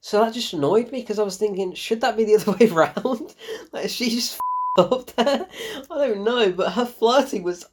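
This is a film reviewer speaking casually to camera and tearing into a bad movie. The delivery is sarcastic and exasperated, full of mild swearing and bursts of laughter, at an ordinary middle pitch. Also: moderate pace, noisy background.

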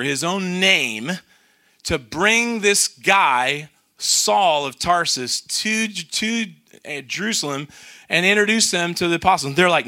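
A middle-aged man preaching, telling a story and acting out the voices of the people in it. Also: on the high side. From North Carolina. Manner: animated storyteller, acts out quoted voices. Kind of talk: sermon storytelling.

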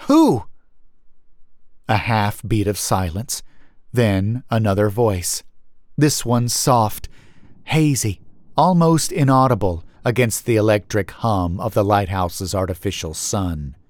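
Male horror narrator, low and unhurried, brooding, dry close-mic sound. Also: dry recording. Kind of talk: first-person horror narration.

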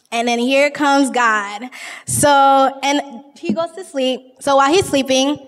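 A woman's voice: a little high, in a large hall. A woman, casually and goofily retelling a Bible story in her own words. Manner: goofy, chatty, uses lots of "like". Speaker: informal Bible teacher.

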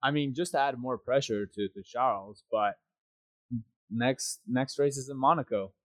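A man co-hosting a casual podcast, talking in a loose, rambling way full of fillers and tag questions. His voice sits at an ordinary middle pitch. It is recorded dry and close, with no room echo. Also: a little slow, a bit bright. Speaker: podcast co-host. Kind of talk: casual chat.

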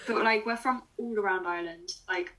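A woman's voice: mid-range voice, brisk, bright, forceful tone, recorded from a distance, rough recording. Giggly young woman, slightly off-mic. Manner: laughs often, rambling and joking. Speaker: podcast co-host. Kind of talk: casual chat.

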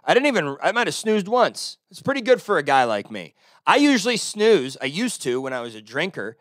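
A man with a Texan accent hosting his own solo podcast, ranting casually with lots of swearing, swinging from loud outbursts to low mutters. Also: sing-song, fairly quick, no echo, studio quality. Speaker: podcast host. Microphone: close-talking podcast mic.

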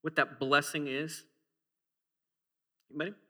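A male preacher in his forties delivers a sermon in a church with a sharp, very bright voice pitched a little high. He talks in a relaxed, humorous way, telling stories and throwing questions out to the congregation. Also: unhurried.

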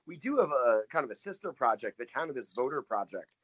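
A man's voice: medium pitch, big pitch swings, quick pace, a bit bright, slightly rough, no echo, lo-fi sound. Earnest man, dry close sound. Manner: earnest, thinks aloud with many fillers and restarts. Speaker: guest from a voter turnout nonprofit. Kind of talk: casual conversational interview.

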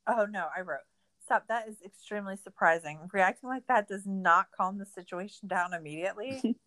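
A woman's voice: medium pitch, a little fast, bright, forceful tone. A young woman co-hosting a podcast, ranting in a casual, profane, sarcastic recap. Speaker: podcast co-host.

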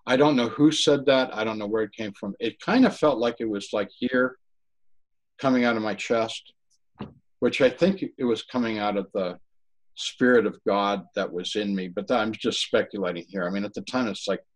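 A man with a fairly low voice recounts a painful story from his own past. He talks earnestly and haltingly, often breaking off and starting his sentences again. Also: low-quality recording. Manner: earnest, halting, many restarts. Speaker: interview guest. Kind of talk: personal testimony in conversation.

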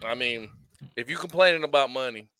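A man's voice: medium pitch, fairly quick, bright, forceful tone, smooth. A man, a podcast co-host who talks slangy and keeps saying "bro". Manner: slangy, says "bro" a lot. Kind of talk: casual podcast chat.

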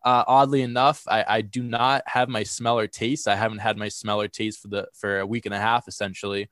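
A man's voice: on the low side, level tone, brisk, fairly bright tone, dry recording, clean studio sound. A young man hosting a casual sports podcast, sounding a bit congested from a cold and talking energetically with lots of fillers and restarts. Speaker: podcast host.

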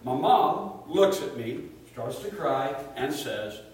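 A middle-aged man preaching a sermon and telling a personal story, animated, dropping to hushed tones when he quotes family. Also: medium pitch, slow. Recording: echoey room, speaker far from mic, faint hiss.

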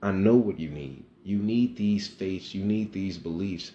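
Deep-voiced man telling a rambling story. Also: normal speed, hardly any pauses, warm tone, echoey room, lo-fi sound, a little hiss or hum. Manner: profane, rambling, emphatic. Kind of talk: casual personal storytelling.

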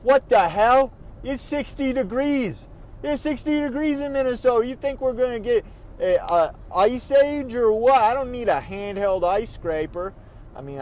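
A man's voice: on the high side, darkish tone, a little hiss or hum. A man hosting his own podcast from the car, rambling casually, stumbling over and repeating his words. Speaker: podcast host. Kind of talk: casual rambling monologue while driving. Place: in a car on city roads.

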